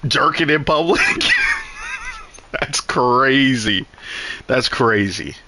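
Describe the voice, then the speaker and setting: A male streamer telling a story in casual talk. He is animated and rambling, swears a lot, and restarts his sentences. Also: mid-range voice, normal speed.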